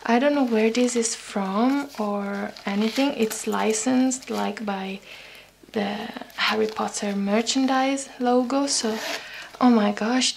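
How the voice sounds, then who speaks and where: A young woman vlogger unboxing gifts at home, gushing and excited, often restarting her sentences. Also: on the high side, vocal fry, low-quality recording. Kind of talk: unboxing vlog. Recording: paper crinkling noise behind.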